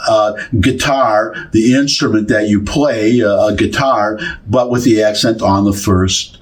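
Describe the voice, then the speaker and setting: A man casually explaining a word's pronunciation to his viewers, talking in a halting way with many restarts and fillers. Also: fairly low pitch, fairly even intonation. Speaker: YouTube commentator. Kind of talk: casual rambling explanation to camera.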